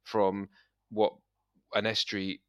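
A man with a southeast English accent, co-hosting a podcast in rambling, animated casual chat, often cutting himself off mid-sentence. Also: fairly low pitch, unhurried, clean tone, dry recording, studio quality. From southeast England. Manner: rambling, animated, self-interrupting. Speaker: podcast co-host.

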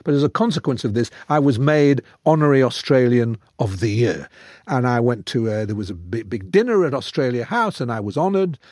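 An older man, an author, telling stories in a lively, theatrical way in a studio interview. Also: medium pitch, brisk, dry recording. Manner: animated, theatrical storyteller. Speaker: author guest. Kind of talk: conversational storytelling. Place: radio studio.

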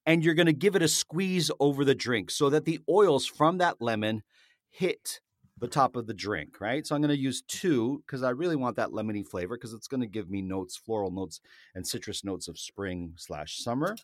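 A man talks through a cocktail recipe in a relaxed, chatty way. His voice sits in an ordinary middle range. The sound is close and dry, with no room around it. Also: mid-range voice, normal speed, dry recording. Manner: chatty, explains each step warmly to listeners. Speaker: cocktail-making host. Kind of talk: casual chat while mixing a drink.

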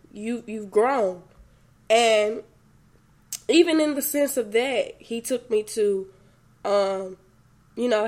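A young woman hosting a faith podcast, talking earnestly and tearfully to her listeners in a casual conversational way. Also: mid-range voice. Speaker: podcast host. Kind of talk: personal faith reflection.

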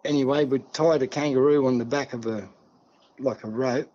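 Casual storytelling from an older man with an Australian accent, appearing as a podcast guest: he rambles in a folksy way, often saying "see" and "mate." The muffled recording carries his mid-range, dark-toned voice, delivered at a moderate pace with fairly even intonation.

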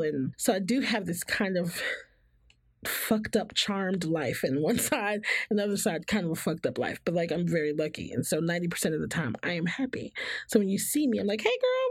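A woman with a gravelly, husky voice speaks candidly and laughs often, breaking into higher voices when she mimics friends and family. Her voice is close and dry, with no room sound. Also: dry recording. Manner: animated, laughs often, acts out others' voices. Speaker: guest. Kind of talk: candid personal conversation.

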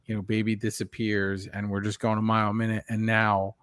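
A man's voice: on the low side, completely flat delivery, a little fast, fairly bright tone, no room sound, studio quality. A man co-hosting a podcast, chatting thoughtfully and adding background details with plenty of fillers. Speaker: podcast co-host. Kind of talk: casual podcast discussion.

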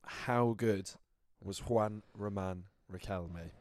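A man's voice: fairly low pitch, takes it slowly, a little mellow, a little hiss or hum. A man co-hosting a football podcast with joking, self-mocking banter. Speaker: podcast co-host. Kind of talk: casual banter.

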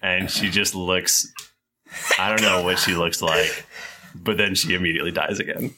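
A man narrating as game master of a tabletop game, in a halting style full of fillers. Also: low-pitched, fairly even intonation, heavy background noise.

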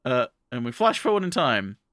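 A man's voice: mid-range voice, sing-song, moderate pace, a bit bright, no room sound, clean studio sound. A man casually recapping an anime episode as a podcast co-host, rambling with many restarts and fillers. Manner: quotes characters in offhand voices.

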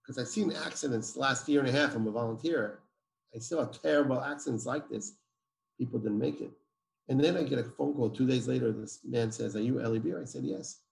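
A man's voice: medium pitch, creaky, darkish tone, a little hiss or hum. A man, a guest telling a personal story emphatically and acting out the dialogue. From Israel. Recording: roomy echo.

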